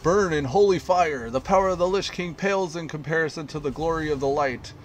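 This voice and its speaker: A man's voice: medium pitch, animated, measured pace, slight background noise. A man voicing a zealous male holy inquisitor, reading threats in a theatrical, menacing, sermon-like way. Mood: fierce.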